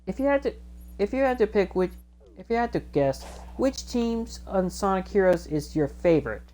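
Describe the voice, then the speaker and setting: A woman's voice: medium pitch, lively intonation, moderate pace, dark tone. A woman hosting a let's play video, recapping game scenes in a rambling, self-correcting way and acting out quotes.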